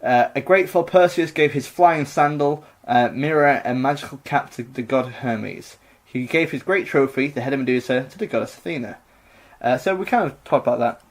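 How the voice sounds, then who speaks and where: A man's voice: medium pitch, normal speed. A man co-hosting a podcast, retelling a myth in a rambling, jokey way with lots of fillers. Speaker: podcast co-host. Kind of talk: casual comedic myth retelling.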